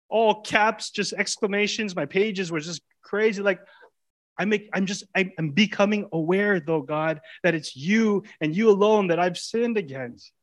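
A man in his thirties preaches a sermon in a somewhat high voice. His talk is casual and full of slang. He moves from loud, urgent pleading to soft, hushed confession. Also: moderate pace. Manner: impassioned, swings from loud urging to hushed intimacy; colloquial preaching, casual grammar. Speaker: pastor.

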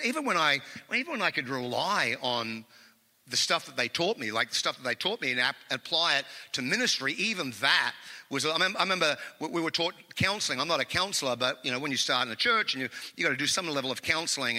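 A male pastor delivering a sermon with personal stories, an animated and self-mocking storyteller. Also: fairly high pitch, long reverb tail. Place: church sanctuary.

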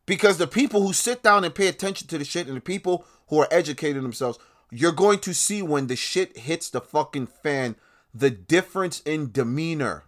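A man hosting his own independent podcast, ranting with a lot of profanity, swinging between loud outbursts and low muttering. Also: expressive, moderate pace. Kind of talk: podcast rant.

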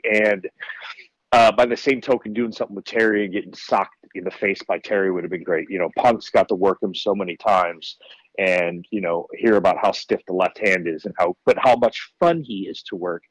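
A man's voice: deep voice, normal speed, no echo, rough recording. A man guesting on a podcast, telling candid, profane stories in a casual way. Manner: candid, profane, animated storyteller. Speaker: wrestler guest. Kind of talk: casual storytelling.

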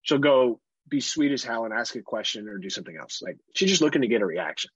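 A man's voice: mid-range voice, animated, quick pace, a bit bright, slightly rough, dry recording, muffled recording. A man in his thirties co-hosting a podcast in casual chat, profane and rambling, often laughing. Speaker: podcast co-host.

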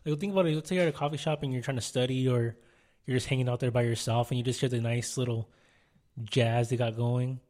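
A man with a mid-range voice telling anecdotes on a casual podcast. He rambles through his stories, full of "like" and quoted lines. He sounds relaxed and conversational. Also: mid-range voice, fast. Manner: rambling anecdotes, filler-heavy, quotes people. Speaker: podcast co-host. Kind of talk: casual storytelling.

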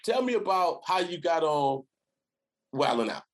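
A man's voice: on the high side, very animated, unhurried. Effusive man hosting an interview. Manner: hype, effusive shout-outs, repeats himself. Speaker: host. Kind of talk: casual interview.

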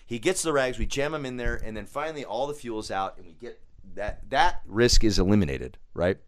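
A man's voice: mid-range voice, a little fast, no room sound. A man telling a story in casual studio chat, swearing freely and acting out his own quotes. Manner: profane, animated storyteller who acts out his own quotes. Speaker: podcast guest.

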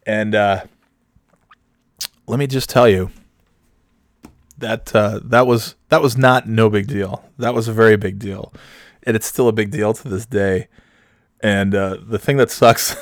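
A man with a fairly low voice recounts a casual personal anecdote, swearing freely and breaking into laughter. He rambles and restarts his sentences as he goes. The recording is dry and close. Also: steady tone, normal speed, no echo. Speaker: storyteller.

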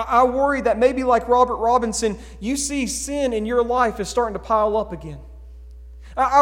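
A man preaching a sermon as pastor, earnest and pleading, dropping to a hush and rising to emphatic calls. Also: extremely high pitch. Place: church sanctuary. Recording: long hall reverb.

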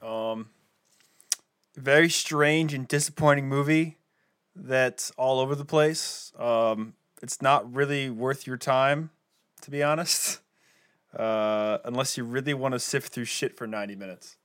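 A man co-hosting a film podcast in casual chat, deadpan, blunt and crude. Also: medium pitch, unhurried, smooth. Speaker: podcast co-host.

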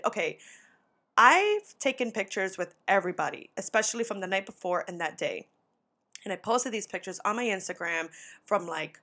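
A young woman hosting a podcast, telling a story casually, swearing freely, saying 'like' constantly and acting out what people said with sudden jumps in pitch. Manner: animated, swearing, heavy on filler 'like'. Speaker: podcast host.

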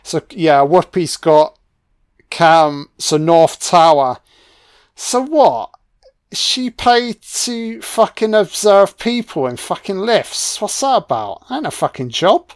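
Slow, sarcastic British man. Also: high-pitched, sing-song, dry recording, clean studio sound. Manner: sarcastic, heavily profane mockery. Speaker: film commentator. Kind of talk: audio commentary, riffing on a film.

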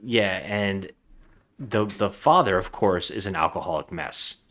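Male podcast co-host, lowish voice, rambling casual recap. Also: unhurried, a bit bright, soft background music. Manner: rambling, acts out lines in voices. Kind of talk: casual movie recap chat.

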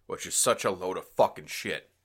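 A man's voice: deep voice, moderate pace, a bit bright, breathy edge. A man co-hosting a podcast, talking in a rambling, casual way and swearing freely. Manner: rambling, profane, mimics his friend. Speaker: podcast co-host. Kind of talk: casual chat.

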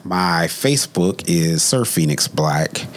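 A man who is a guest on a podcast, talking in relaxed casual chat with some hesitations. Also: low voice, slow pace, slight background noise.

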